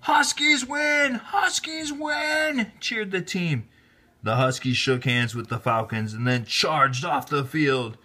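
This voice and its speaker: A man teacher reading a children's picture book aloud, animated and rising to high excited shouts at the exciting parts. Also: a little slow. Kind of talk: children's storybook read-aloud.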